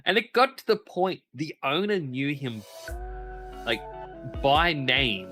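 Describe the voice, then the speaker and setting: A man's voice: mid-range voice, measured pace, pauses often, over music. A man chatting casually on a livestream, telling a long anecdote and acting out the voices of the people in it. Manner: animated anecdote teller, acts out quoted voices. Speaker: stream guest. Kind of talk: casual storytelling chat.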